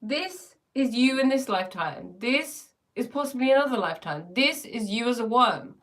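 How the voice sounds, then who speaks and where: A woman's voice: fairly high pitch, lively intonation, normal speed, a bit bright. A woman teaching spiritual ideas in a casual live stream, playful and often laughing as she answers viewers.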